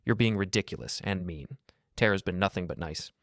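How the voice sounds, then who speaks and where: A man's voice: sits low, brisk, fairly bright tone, no room sound, clean studio sound. A man voicing a defensive wife who speaks in a cutting tone and at times pleads.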